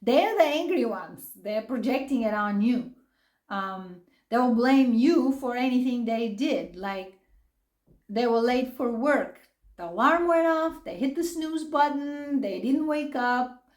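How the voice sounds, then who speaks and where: A woman's voice: a little high, lively intonation, slow, roomy sound. A middle-aged woman explaining psychology casually and animatedly, acting out quoted lines and laughing often. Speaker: psychology video host.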